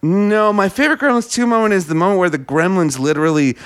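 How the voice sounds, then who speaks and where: A man talking excitedly and profanely as a podcast guest, often laughing mid-sentence. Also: high voice, fast. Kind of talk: casual chat.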